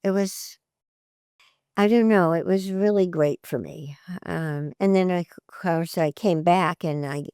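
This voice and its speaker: An older actress in an interview, telling stories in a chatty, animated way, often laughing and jumping her voice up for quoted lines. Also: lowish voice, unhurried, clear, resonant tone, no echo, studio quality. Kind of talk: conversational storytelling interview.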